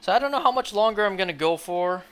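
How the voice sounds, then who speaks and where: Bright-voiced rambling male streamer. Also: high voice, animated, quick pace. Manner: rambling, filler-heavy talk with many "like"s. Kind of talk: casual livestream chat while shiny hunting.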